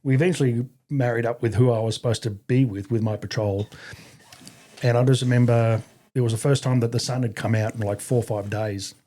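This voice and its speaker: A middle-aged Australian man, an army veteran appearing as a podcast guest, tells a story in a casual, profane way. His mid-range voice moves a little fast, and he gets animated as he acts out what other people said.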